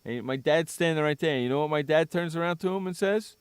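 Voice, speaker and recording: A man's voice: on the high side, a little fast, clean tone, no room sound. A man hosting a sports radio show in casual chat, teasing his co-host, joking and repeating himself. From San Diego.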